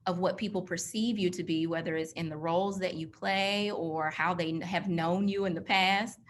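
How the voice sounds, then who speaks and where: A woman's voice: fairly low pitch, steady tone, moderate pace, slight background noise. A woman hosting a live online interview, affirming and asking long, thoughtful questions. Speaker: interview host. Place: online video call.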